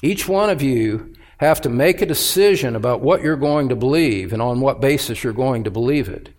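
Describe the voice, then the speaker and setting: A man's voice: mid-range voice, expressive, moderate pace. A man preaching a sermon as pastor, earnest and urgent, pressing each point with emphasis.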